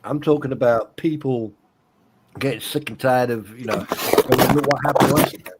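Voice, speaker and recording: A man's voice: mid-range voice, moderate pace, heavy background noise. A man on a video call panel who talks bluntly, teases and swears a lot in casual chat. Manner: blunt, swears often, teasing. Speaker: panel guest.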